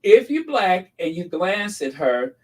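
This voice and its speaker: A man hosting a casual gossip channel, speaking slowly and unhurriedly in a rambling, mocking way. His voice sits somewhat high and is picked up from a distant mic. He keeps breaking into laughter at his own jokes. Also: very animated, a little mellow. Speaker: channel host.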